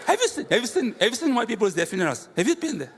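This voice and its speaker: A man, a pastor preaching a sermon with humorous, animated storytelling and rhetorical questions. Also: extremely high pitch, rapid-fire, slightly rough, some chatter behind. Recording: reverberant hall, faint room noise.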